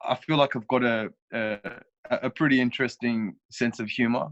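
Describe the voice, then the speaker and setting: A man's voice: medium pitch, steady tone, normal speed. Man, Australian accent, interview guest, blunt, laid-back, dull lo-fi sound. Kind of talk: casual interview.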